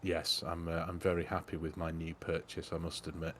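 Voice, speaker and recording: Over a gaming headset, a man co-hosting a farming game stream chats casually and tells self-deprecating stories as he plays. His voice is low, monotone, fairly quick and fairly bright, with slight background noise behind it.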